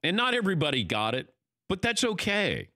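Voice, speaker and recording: An older man hosting a casual chat, telling stories in an animated way and acting out what people said. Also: high voice, brisk, no room sound, studio quality. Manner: animated storytelling, acting out quoted lines. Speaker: host.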